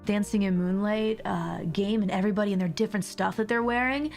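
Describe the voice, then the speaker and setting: A young woman chatting on a casual livestream at her desk mic, rambling from one thing to the next with plenty of laughs. Her voice sits at a middling pitch with a gravelly, fry-tinged edge, and a mild sore throat roughens it a little. Faint music plays underneath. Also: a little fast, darkish tone. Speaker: streamer.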